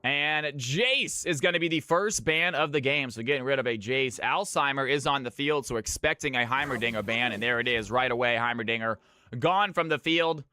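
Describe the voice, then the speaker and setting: A man shoutcasting a live esports match as host, hyping up the game and greeting viewers in chat by name. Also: mid-range voice, moderate pace, smooth. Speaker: streamer and shoutcaster.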